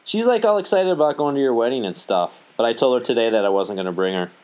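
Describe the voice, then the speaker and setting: A man's voice: medium pitch, expressive, fast talker, a little mellow, clean tone. A young man hosting a podcast, joking around crudely and swearing freely. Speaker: podcast host. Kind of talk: casual podcast banter.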